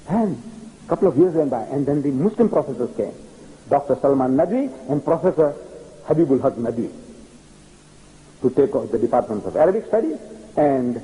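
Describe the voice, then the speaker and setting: An older man, giving an animated public religious lecture and telling stories with acted-out dialogue. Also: fairly high pitch, rough recording. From South Africa. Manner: animated storytelling, acting out dialogue. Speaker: preacher.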